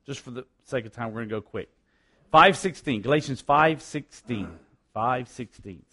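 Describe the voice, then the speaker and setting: A man's voice: medium pitch, normal speed, fairly bright tone, breathy edge. A male pastor preaching a sermon, emphatic and repetitive, with rhetorical asides to the congregation.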